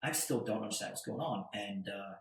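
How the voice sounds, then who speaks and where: A man, a podcast guest, telling a story in a casual, animated way, with stammered restarts and tag questions. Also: on the low side, a little fast, gravelly, very echoey, low-quality recording. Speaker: podcast guest, attorney and entrepreneur.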